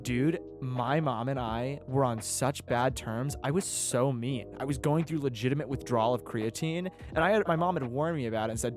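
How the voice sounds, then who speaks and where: A young man co-hosting a casual podcast, animated and joking, quick to laugh and swear. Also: mid-range voice, music in the background. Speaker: podcast co-host.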